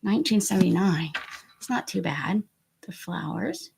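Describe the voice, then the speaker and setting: A woman hosting a casual art livestream from home, chatty and self-mocking, laughing often and muttering softly to herself as she works. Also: on the low side, sing-song, moderate pace, gravelly, a little hiss or hum. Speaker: art channel host.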